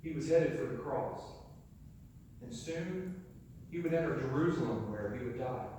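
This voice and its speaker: A man's voice: mid-range voice, expressive, normal speed, dark tone, slight background noise. A man preaching a sermon as pastor, telling the story in a folksy way and acting out the voices of its people. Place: church sanctuary. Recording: echoey church hall, mic far off.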